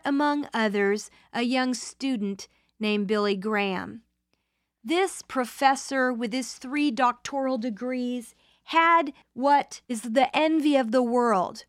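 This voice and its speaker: A woman preaching a sermon in a slow, deliberate, emphatic way. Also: fairly high pitch, fairly bright tone, clear, resonant tone, no echo, studio quality.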